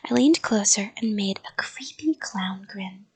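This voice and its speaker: A woman reading a children's story aloud in a soft whisper. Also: medium pitch, animated, unhurried, creaky, husky.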